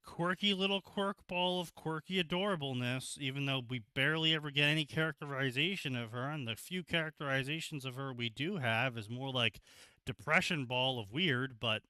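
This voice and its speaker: Male streamer, bright and smooth-toned, animated and sarcastic, crude asides, dry close mic. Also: medium pitch, normal speed, dry recording. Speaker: co-host reading fanfiction aloud. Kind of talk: casual livestream commentary.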